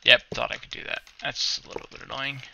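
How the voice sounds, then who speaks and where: A man's voice: mid-range voice, fairly even intonation, fast, creaky, bright, forceful tone, breathy edge. A man hosting a let's play, giving casual, rambling gameplay commentary, often correcting himself and humming little sound effects.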